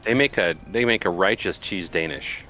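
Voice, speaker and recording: A man making laid-back, low-key remarks while playing an online game over a headset mic. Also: normal speed, bright, forceful tone, low-quality recording. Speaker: group player. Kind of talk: casual chat while gaming.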